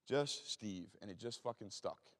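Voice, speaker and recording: A man in his forties from Philadelphia, speaking with an East Coast accent, tells blunt stories full of profanity as a guest speaker. His lowish voice is animated and fairly bright, his street talk comes quickly, and the hall is reverberant.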